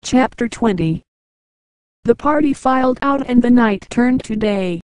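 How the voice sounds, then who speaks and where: A woman reading a novel aloud as an audiobook narrator, in a measured, even way, dropping lower for the men's lines. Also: smooth, no echo, rough recording. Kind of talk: audiobook narration with light character voices.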